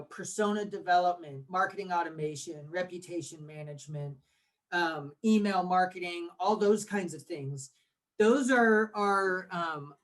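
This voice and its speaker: On an interview podcast, a guest in his forties who owns a marketing agency explains things through lively rhetorical questions. His voice sits high.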